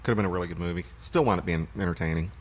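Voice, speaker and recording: A man's voice: low-pitched, racing. A man co-hosting a podcast, chatting casually and rambling about movies he has watched. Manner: relaxed, rambling storyteller. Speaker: podcast co-host.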